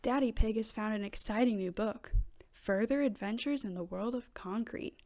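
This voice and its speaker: A woman reading a children's picture book aloud in steady, gentle narration. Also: fairly high pitch, normal speed. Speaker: storybook reader.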